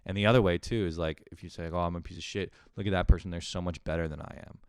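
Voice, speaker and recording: A young man with a low, smooth voice talks through a loose, profane podcast monologue. He rambles, pokes fun at himself and laughs often. The sound is close and dry. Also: no room sound. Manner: rambling, profane, self-deprecating, with frequent laughs. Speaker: podcast host. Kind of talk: casual solo podcast monologue.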